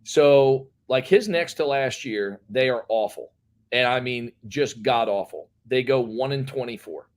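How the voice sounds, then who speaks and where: A man's voice: mid-range voice, unhurried. A man, a head basketball coach, telling stories in a casual, rambling interview. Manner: rambling, animated storyteller.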